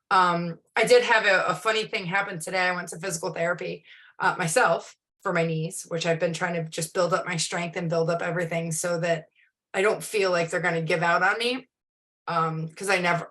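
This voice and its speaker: A woman's voice: on the low side, fairly bright tone. A woman in her forties hosting a casual live stream, talking in a chatty, rambling way with many restarts and ums. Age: 40s. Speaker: host.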